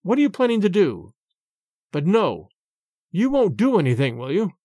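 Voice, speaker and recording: A man voicing a gentle young woman who speaks softly and coaxingly. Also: sits high, wildly swooping pitch, normal speed, no room sound, clean studio sound, heavily acted. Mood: pleading. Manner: soft and coaxing. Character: gentle young woman, soft-spoken daughter.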